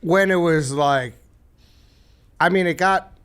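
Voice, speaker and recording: A man's voice: a little high, slow, a crowd in the background. A man hosting a casual sports podcast, laid-back and teasing. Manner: laid-back, teasing, calls people pal and dude. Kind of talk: casual chat.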